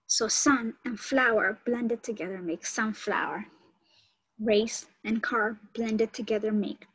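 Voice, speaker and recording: A woman's voice: fairly high pitch, slightly rough, low-quality recording. A woman lecturing online about teaching methods, explaining step by step and repeating key points. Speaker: college instructor.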